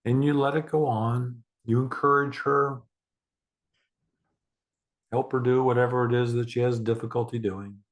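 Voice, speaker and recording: A man leading a guided meditation, speaking slowly and deliberately with long pauses and a calm, reassuring manner. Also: mid-range voice.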